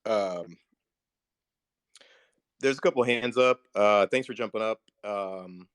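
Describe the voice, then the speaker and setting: A man's voice: on the low side, takes it slowly, fairly bright tone, dry recording, clean studio sound. A laid-back man hosting a casual live audio chat, laughing along and backing up his guest over an online call. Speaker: host.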